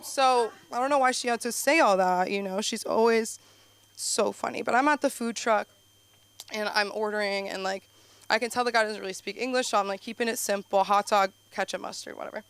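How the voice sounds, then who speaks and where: A young adult woman doing an open-mic stand-up set on a comedy club stage. She tells stories in a rambling, animated way, full of "like", and jumps her voice up for punchlines. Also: mid-range voice, fairly quick, clean tone, no echo. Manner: rambling, filler-heavy storytelling with frequent "like".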